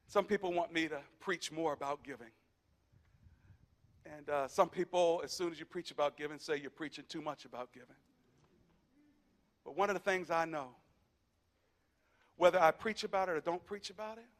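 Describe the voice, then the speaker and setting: A man's voice: fairly high pitch, a bit bright. A male pastor preaching a sermon, telling a personal story in an earnest, conversational way.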